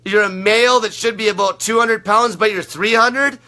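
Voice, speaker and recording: A man in his thirties rants at his listeners, swearing nearly every sentence and hammering the same phrases over and over. His voice sits very high and cuts sharply. He sounds like a blunt, aggressive motivator for his own diet group. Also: steady tone, normal speed, pushed and bright. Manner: aggressive, profane, repetitive. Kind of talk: profane motivational rant.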